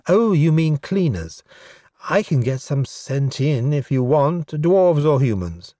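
A man reading a story aloud, voicing a sharp-tongued, teasing female advisor with a sardonic, mocking manner. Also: fairly high pitch, very animated, slow pace, no room sound, clean studio sound, voice pushed up. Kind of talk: audiobook character voice.

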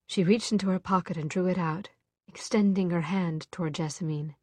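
A woman narrating a novel in a measured, expressive storytelling voice. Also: on the low side, dry recording. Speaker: audiobook narrator. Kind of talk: scripted narration.

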